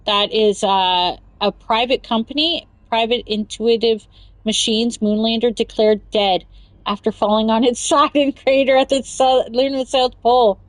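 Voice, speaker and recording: A woman's voice: a little high, steady tone, unhurried, dry recording, poor audio. A woman hosting a casual chat show, reading news aloud and rambling off on tangents with giggles. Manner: rambling, giggly, talks over herself. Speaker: podcast host.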